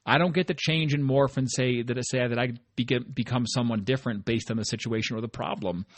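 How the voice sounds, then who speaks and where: On a dry recording, a podcast host with a mid-range voice talks a little fast through his solo motivational show. His tone is conversational, earnest and encouraging, with frequent "right?" tag questions.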